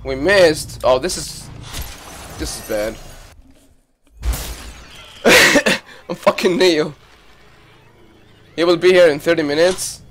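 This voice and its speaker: A man streaming live gameplay, reacting with loud excited exclamations and swearing. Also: a little high, slow pace, long pauses, a little hiss or hum. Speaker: gaming streamer.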